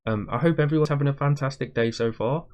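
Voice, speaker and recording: A man hosting a music reaction video, chatting casually with viewers in a rambling way, with a slightly rough morning voice. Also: medium pitch, quick pace, a little mellow, lo-fi sound. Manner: rambling, chatty, self-aware waffling.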